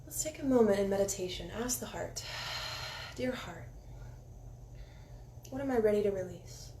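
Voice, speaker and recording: A woman giving a casual spiritual oracle card reading, candid and encouraging, sometimes dropping into soft meditation guidance. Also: mid-range voice, animated, moderate pace. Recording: echoey room with faint ambient noise.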